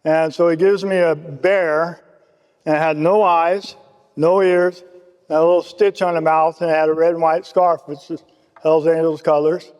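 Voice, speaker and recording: A man's voice: on the high side, little pitch movement, moderate pace, a little mellow, clear, resonant tone. Man telling his story in a reverberant hall. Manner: casual storytelling, acts out quoted voices. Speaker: speaker at a recovery meeting. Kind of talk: personal testimony.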